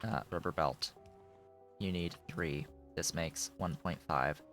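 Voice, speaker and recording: A man's voice: a bass voice, steady tone, takes it slowly, fairly bright tone, faint music behind. A man streaming a game, muttering offhand, dry remarks to himself as he builds. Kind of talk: casual gameplay commentary.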